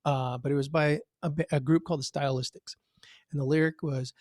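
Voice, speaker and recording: Male stand-up comedian, lively delivery, big pitch jumps for characters, dry close sound, video call. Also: brisk, no echo. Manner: animated, jumps up in pitch for quoted voices. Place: home, virtual show.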